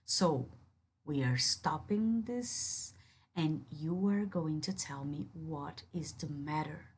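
A woman's voice: low voice, animated, takes it slowly, slight background noise. A woman in an audio role-play who speaks straight to the listener as a firm, commanding yet caring partner.

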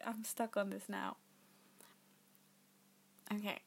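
A woman recording role-play outtakes, giggly and breaking into laughter, sometimes dropping to a soft whisper. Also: mid-range voice, steady tone, slow, long pauses, breathy edge.

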